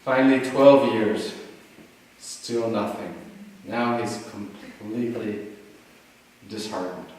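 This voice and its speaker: A man giving a dharma talk, telling a teaching story in a relaxed way with many "you know"s and "like"s, recorded in a retreat hall. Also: lowish voice, takes it slowly, slight background noise. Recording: echoey hall, mic at a distance, faint ambience.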